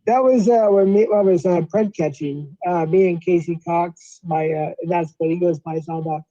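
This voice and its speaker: A man's voice: high-pitched, moderate pace, mellow. A man hosting a live stream, chatting casually and interrupting himself to check who is on stage. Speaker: stream host. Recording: dull lo-fi stream audio.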